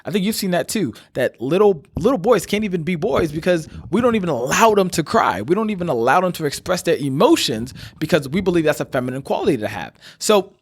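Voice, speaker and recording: A man's voice: fairly high pitch, sing-song, fast, few pauses, husky, no room sound, clean studio sound. A man hosting his own coaching podcast, talking earnestly and directly to listeners, calling them brother, with frequent fillers. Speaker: life coach, podcast host. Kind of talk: direct motivational talk to listeners.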